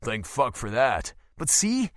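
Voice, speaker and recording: Male audiobook narrator, first-person romance; expressive and emotional, bright, animated delivery. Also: medium pitch, takes it slowly, dry recording, clean studio sound.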